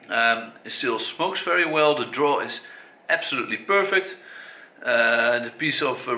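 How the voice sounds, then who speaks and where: Recorded in an echoey room, a Dutch-accented cigar reviewer from the Netherlands speaks in a pushed, bright mid-range voice. His review is casual and hesitant, peppered with fillers and self-corrections.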